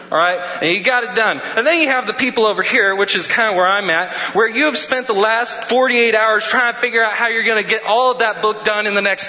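A man's voice: sits high, pushed and bright. A young man in his twenties giving a humorous sermon as a student speaker, telling stories with joking, casual asides. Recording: echoey hall with faint hum.

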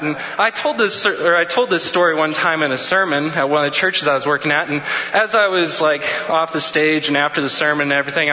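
Brief: young male preacher, humorous storyteller, very bright voice, echoey hall with faint hum. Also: fairly high pitch. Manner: joking storyteller, casual asides. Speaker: student chapel speaker. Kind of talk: humorous sermon.

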